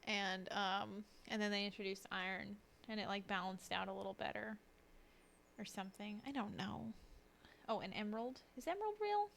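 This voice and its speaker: A woman's voice: mid-range voice, normal speed, gravelly, fairly bright tone. Sleepy young woman yapping into her desk mic late at night, loses her train of thought, faint hum behind. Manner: chatty, self-deprecating, drifting train of thought. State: sleepy, yawning. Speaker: streamer. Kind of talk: casual rambling stream chat.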